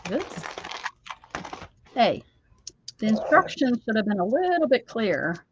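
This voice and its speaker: American woman, chatty livestream host, teasing, laughs a lot, slightly high voice, muffled lo-fi sound. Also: big pitch swings, measured pace, noisy background. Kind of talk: casual chat while crafting.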